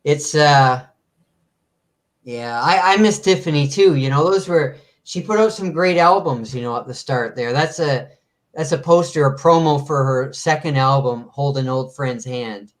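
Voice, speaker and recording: A man guesting on a livestream, chatting casually in a halting way. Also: on the high side. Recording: roomy, away from the mic.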